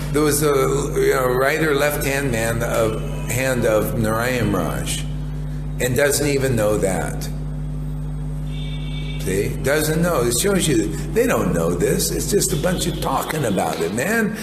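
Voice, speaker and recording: A man's voice: mid-range voice, expressive, a little slow, over loud music. A man in his later years giving a rambling, blunt devotional sermon and saying "man" often. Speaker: spiritual teacher. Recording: echoey hall with faint noise.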